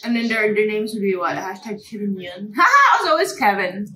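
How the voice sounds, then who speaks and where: A woman with a Hong Kong English accent, a native Cantonese speaker, co-hosting a casual podcast mukbang chat with animated, drawn-out phrasing. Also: medium pitch, roomy sound, rough recording. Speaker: podcast co-host.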